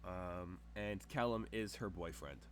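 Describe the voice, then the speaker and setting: A man's voice: low-pitched, measured pace, slight background noise. A man narrating as game master in a rambling way, with many fillers as he describes scenes.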